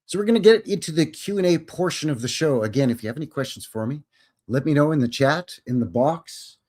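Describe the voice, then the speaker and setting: A man's voice: fairly high pitch, lively intonation, brisk, a little mellow. A man hosting a casual live stream, rambling in a folksy way and chuckling as he answers viewers' questions.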